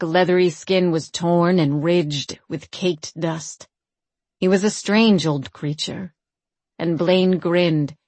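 A woman reading a fantasy novel aloud as a narrator, in a measured storytelling manner. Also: on the low side, dry recording. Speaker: audiobook narrator.

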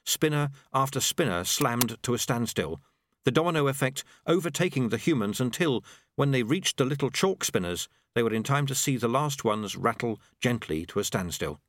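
A man reading a novel aloud in measured, expressive scripted narration. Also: mid-range voice, no echo. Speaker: audiobook narrator.

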